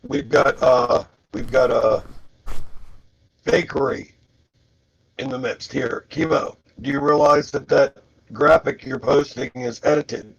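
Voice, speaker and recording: Gravelly man accusing over lo-fi mic. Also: mid-range voice, steady tone, slow, pauses often, fairly bright tone. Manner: accusing, spells words out, blunt and swearing. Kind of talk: heated online debate. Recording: dull lo-fi microphone.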